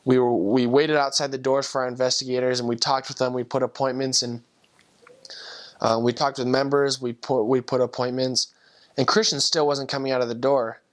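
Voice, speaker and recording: A man's voice: mid-range voice, flat delivery, a little fast. A young man, a former missionary, earnestly tells a personal conversion story and acts out the voices of the people in it. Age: young adult. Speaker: returned missionary.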